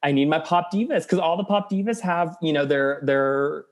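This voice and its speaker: A man with a Southern US accent, talking as a podcast guest in an animated, casual storytelling way with many fillers. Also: fairly high pitch, normal speed. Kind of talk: casual interview chat.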